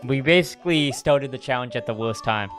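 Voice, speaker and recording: A man's voice: mid-range voice, fairly quick, over music. A man chatting casually as a streamer while playing a game, joking and chatty with bits of mock outrage. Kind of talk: casual gameplay commentary.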